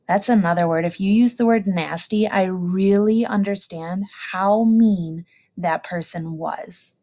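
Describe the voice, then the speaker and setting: A woman teacher giving a recorded lesson to young students, saying each new word slowly and clearly twice, with delighted exclamations. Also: medium pitch, warm tone. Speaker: elementary school teacher.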